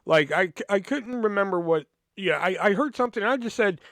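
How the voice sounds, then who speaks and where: A man's voice: sits high, brisk, dry recording. Rambling, cursing man telling a story. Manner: rambling and profane, full of "you know" fillers; acts out quoted people in lively voices. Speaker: podcast host. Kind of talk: casual storytelling.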